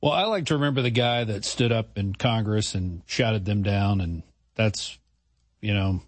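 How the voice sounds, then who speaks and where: A man's voice: fairly low pitch, moderate pace, no echo. A man co-hosting a talk show, chiming in with easygoing explanations. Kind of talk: casual studio chat.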